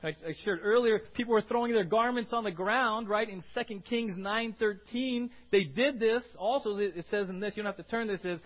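A man preaching to his congregation in an animated way, often checking in with "right?" and bursting into acted shouts. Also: high-pitched, brisk, hardly any pauses. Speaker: pastor. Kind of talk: sermon. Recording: muffled lo-fi sermon recording.

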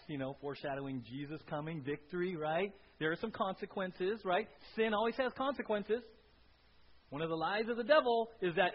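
A male pastor giving a conversational sermon with an animated delivery, often checking in with the congregation by asking "right?". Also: a little high. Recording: dull lo-fi recording with faint hiss.

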